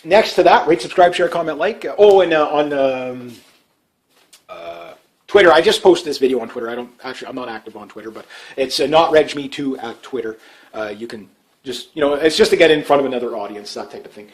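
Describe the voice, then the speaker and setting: A Canadian man rambling through casual commentary on his channel, full of fillers and restarts, his voice often trailing off quietly. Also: medium pitch, a little fast, rough recording. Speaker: vlogger.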